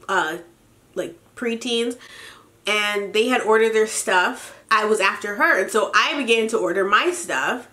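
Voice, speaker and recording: A woman's voice: fairly high pitch, pushed and bright. A young pregnant woman vlogging, telling an exasperated story in a casual ranting style and swearing freely. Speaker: beauty vlogger.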